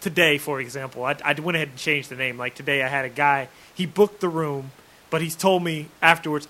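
Man, casual chat, higher voice, forceful tone, asks and thinks aloud. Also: steady tone, a little fast. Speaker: guest asking about rentals.

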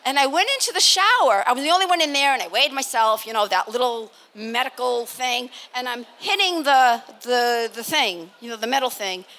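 An older woman from Massachusetts telling a lively story as a guest on a live panel, laughing and acting out what people said. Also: a little high, normal speed, few pauses. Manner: animated, laughing, acts out quotes. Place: live expo stage.

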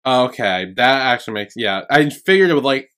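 A man co-hosting a podcast in relaxed casual chat, hesitant and easygoing. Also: medium pitch, fairly quick. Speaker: podcast co-host.

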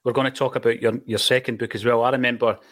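A man's voice: mid-range voice, little pitch movement, fast, fairly bright tone. A man hosting a podcast, chatting casually, chiming in with keen praise and pointing listeners to links. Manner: enthusiastic interjections, plugging links. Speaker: podcast host. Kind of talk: casual chat.

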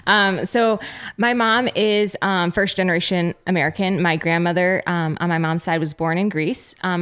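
A young woman chatting casually as a podcast guest, playful and quick to laugh. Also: on the low side, a bit bright, clean tone. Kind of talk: casual chat.

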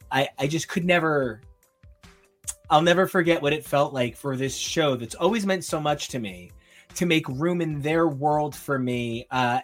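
A young man in casual chat on a podcast, rambling through a story and acting out the voices of the people in it. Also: medium pitch. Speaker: podcast co-host.

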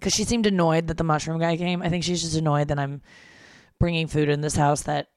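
Rambling irritated woman, smooth low voice. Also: steady tone, fairly quick, darkish tone, dry recording, studio quality. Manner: rambling, irritated, swears freely. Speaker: podcast host. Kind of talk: casual monologue. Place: home.

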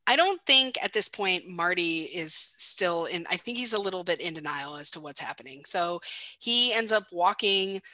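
Bright-voiced woman chatting through a film recap. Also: on the low side, expressive, moderate pace, no room sound. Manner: chatty, many fillers. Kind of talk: casual film recap chat.

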